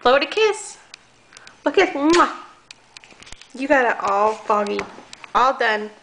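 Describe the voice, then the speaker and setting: A woman using slow, sing-song baby talk as she coaxes a toddler at home, recorded on a home video camera. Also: on the high side, lively intonation, fairly bright tone, slight background noise. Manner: sing-song, coaxing, playful. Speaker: caregiver playing with a toddler.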